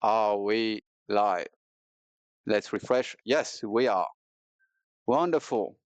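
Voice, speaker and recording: A man's voice: fairly low pitch, takes it slowly, pauses often, no room sound. A man chatting casually while streaming a video game, rambling and joking at his own expense, recorded on a cheap headset. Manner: rambling, playful, self-mocking. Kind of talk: casual gaming stream chat. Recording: dull lo-fi headset audio.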